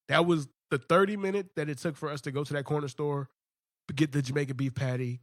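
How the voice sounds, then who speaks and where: A young adult man hosting a podcast, telling a childhood story in slangy, animated casual talk. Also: a little high, no room sound, clean studio sound. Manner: animated storyteller, slangy, says "bro" often. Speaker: podcast host.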